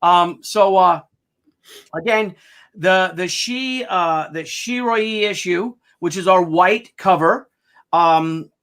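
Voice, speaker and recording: A man with a high, light voice, from the United States, chatting casually as host of an update about his project. He rambles and jokes, tripping over words and restarting sentences. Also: slow, a bit bright, smooth. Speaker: comic artist hosting a crowdfunding update. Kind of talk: casual chat.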